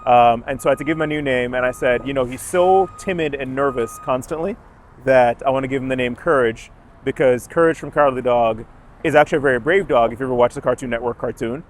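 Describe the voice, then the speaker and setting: A man's voice: medium pitch, fast, slight background noise. A young man from Jamaica, a dog owner, chatting casually outdoors on a city street and telling his story in a rambling, self-correcting way. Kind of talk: casual chat.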